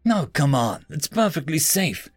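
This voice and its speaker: A man doing an excitable, reckless human crewman. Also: a little high, unhurried, slightly rough, dry recording, clean studio sound, faint music behind, full character voice. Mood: coaxing. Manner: eager, rambling, excitable. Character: reckless, cheerful, thrill-seeking human man.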